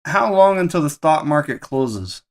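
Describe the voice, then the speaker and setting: A man's voice: on the high side, sing-song, normal speed. A man streaming live, playfully questioning an AI assistant in casual chat.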